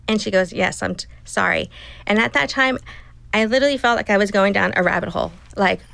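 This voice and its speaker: A woman in her fifties recounts a hard personal story in conversation, voicing each exchange as quoted dialogue. Her mid-pitched voice has a gravelly fry, and the recording is close and dry. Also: a little fast, fairly bright tone, no room sound, low-quality recording. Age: 50s. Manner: emotional, retelling dialogue in quotes. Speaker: guest.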